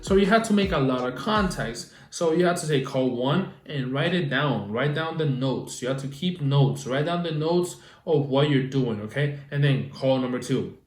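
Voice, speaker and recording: A young man coaching on social media marketing in a casual advice vlog, animated and repetitive, acting out phone calls. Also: medium pitch, normal speed, few pauses, reverberant. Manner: animated, repeats himself, acts out phone calls.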